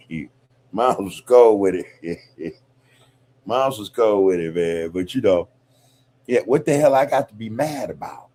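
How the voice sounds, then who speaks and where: The host of a podcast speaks expressively in a low-leaning, darkish voice at a moderate pace, pausing often. His casual monologue is loose, reflective and profane, studded with "you know, man."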